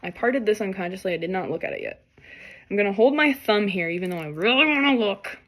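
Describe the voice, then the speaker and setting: A woman doing an emotional tarot reading for the camera, talking in halting, apologetic bursts and tearing up. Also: mid-range voice, animated, fairly bright tone. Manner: tearful, overwhelmed, halting and apologetic. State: crying at times. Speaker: tarot reader.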